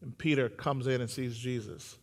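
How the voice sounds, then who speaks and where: A man preaching a sermon, joking with the congregation and building to loud, sung-out emphasis. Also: mid-range voice, normal speed, big-room sound. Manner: humorous, animated, builds to shouting.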